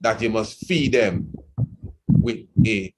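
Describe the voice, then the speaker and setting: A man's voice: fairly low pitch, takes it slowly, a little mellow, a little hiss or hum, rough recording. A man hosting a reflective radio talk program, speaking in a meandering way with frequent "you know"s.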